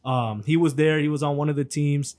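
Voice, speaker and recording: A man's voice: a little high, steady tone, brisk, darkish tone. A man co-hosting a podcast in casual, laid-back chat, swearing freely and using lots of fillers. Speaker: podcast co-host.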